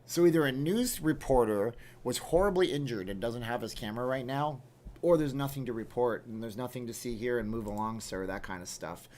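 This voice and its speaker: A man's voice: mid-range voice, fairly quick, a little mellow. A man with a mid-range voice chats through a casual livestream from home. He reads viewer comments aloud and answers them with a loose, jokey, wry manner. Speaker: livestream host.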